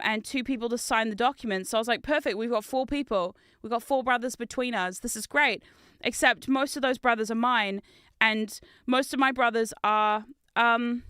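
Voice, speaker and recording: A woman's voice: fairly high pitch, bright, forceful tone, clear, resonant tone, no room sound, clean studio sound. A young woman chatting casually as she streams, telling rambling stories with fillers and laughs. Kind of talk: casual chat while building.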